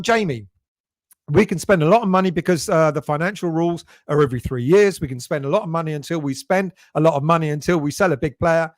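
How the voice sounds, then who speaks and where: A man's voice: a little high, no echo, clean studio sound. Chatty man reading live chat. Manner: chatty, greets viewers by name. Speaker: fan channel host reading live chat. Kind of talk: casual live-stream chat.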